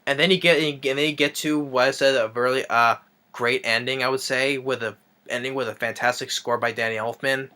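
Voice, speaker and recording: A man's voice: mid-range voice, fairly even intonation, fairly quick, bright, forceful tone. A man casually recapping a movie as a reviewer, rambling with lots of fillers and restarts.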